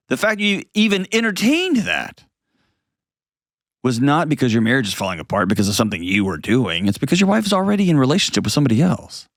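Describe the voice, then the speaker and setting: A man's voice: medium pitch, huge pitch swings, quick pace, no echo, clean studio sound. A man hosting a call-in advice show, talking bluntly and earnestly to a caller and telling stories.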